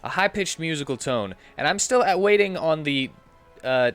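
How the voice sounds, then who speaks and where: A man narrating a tabletop game as dungeon master, animated and halting, with restarts. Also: on the high side, smooth, faint music behind.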